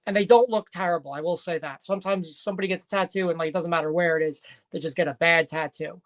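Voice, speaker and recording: A woman's voice: on the low side, fast. A woman casually recapping a wrestling show, chatty and rambling with frequent fillers and restarts.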